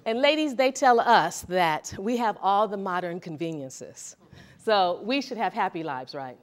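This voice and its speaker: A woman's voice: mid-range voice, animated, measured pace. A woman therapist giving a motivational talk to a seminar audience, talking conversationally and often checking in with the audience. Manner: conversational, asks the audience questions. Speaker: therapist and speaker.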